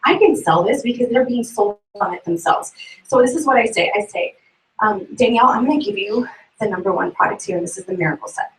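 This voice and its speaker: A woman with a fairly high voice talks fast while giving a group a sales tip, asking them questions. She sounds distant from the mic in an echoey room with faint background noise. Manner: brisk, asks the audience questions. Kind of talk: motivational talk to a group.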